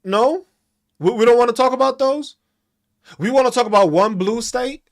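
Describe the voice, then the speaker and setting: A man's voice: extremely high pitch, normal speed. A man hosting a podcast, mocking and profane, ranting at commenters and laughing between taunts. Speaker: podcast host.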